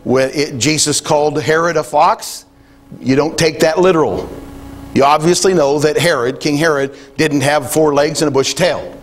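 A man's voice: a little high, normal speed, slight background noise. A man preaching a sermon in a conversational way, thinking aloud with frequent restarts and quoting scripture. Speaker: pastor.

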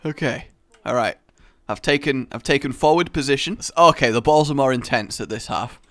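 A man hosting a gaming video with friends, excitable, laughing often and swearing in surprise. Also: medium pitch, a little fast, dry recording, studio quality. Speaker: host of a gaming channel. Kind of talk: energetic gaming commentary with friends.

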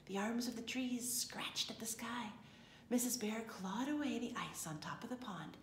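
A woman reading a children's storybook aloud in a gentle, expressive way. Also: fairly high pitch, normal speed, reverberant, slight background noise.

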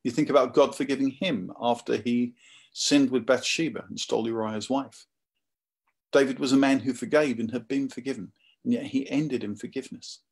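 A man preaching a sermon in a conversational, animated storytelling manner. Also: medium pitch, moderate pace, creaky, husky.

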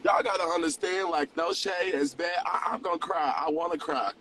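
A young man in his twenties hosts a livestream, blending mock preaching with profane, confessional casual talk and swinging between teasing and confession. His fairly bright, higher voice holds a steady tone at a moderate pace. He sits far from the mic, with slight background noise and poor audio.

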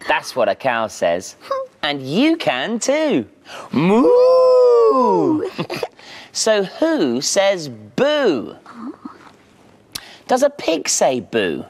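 A man's voice: a little high, huge pitch swings, drawn-out words. A man presenting a preschool TV show, telling a story playfully and slipping into animal noises. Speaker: children's TV presenter.

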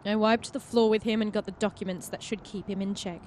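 A woman playing a story game, reading its text aloud as an expressive narrator and chatting between passages. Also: mid-range voice, fairly quick, slight background noise. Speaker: player and host of a game playthrough.

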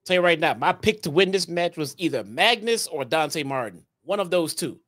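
A man's voice: on the high side, expressive, moderate pace, a bit bright. A man from Chicago co-hosting a casual wrestling review, playful and teasing. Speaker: podcast co-host.

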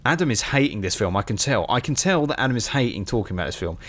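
A British man co-hosting a film podcast at a middle pitch, chatting loosely and excitedly. He swears freely and restarts his sentences as he goes. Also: fast. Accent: British English. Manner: animated, swearing, frequent restarts. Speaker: podcast co-host. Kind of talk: casual film review chat.

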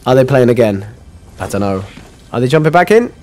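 A man streaming a live shooter game and chatting to viewers, trailing off into low mutters and then breaking into loud frustrated outbursts. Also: animated, a little fast. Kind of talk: casual live game commentary.

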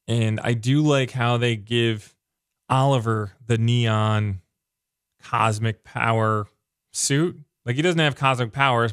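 A man reviewing a comic book in a casual, excitable, rambling way, full of filler words. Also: fairly low pitch, clear, resonant tone, dry recording, studio quality.

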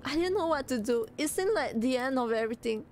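A woman reading a story aloud and voicing a small grieving girl who speaks in halting, quiet words, holding back tears. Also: high-pitched, animated, voice pushed up. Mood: halting, sad. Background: music.

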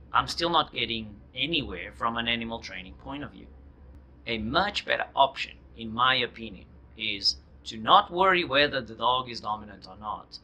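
A man presenting an explanatory video lesson as an animal trainer, speaking in a measured way and reading out cited sources. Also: mid-range voice, pushed and bright, slight background noise, rough recording.

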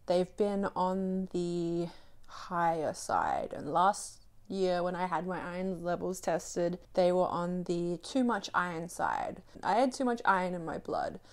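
A woman's voice: fairly low pitch, darkish tone. Breathless woman in a phone vlog. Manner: rambling, wry and self-mocking. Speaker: vlogger.

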